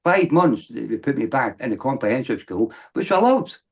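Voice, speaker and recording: A man's voice: mid-range voice, very animated, moderate pace, a little mellow, breathy edge. A middle-aged man, telling his life story as a podcast guest in a rambling, candid way that builds up to emphatic bursts. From Britain.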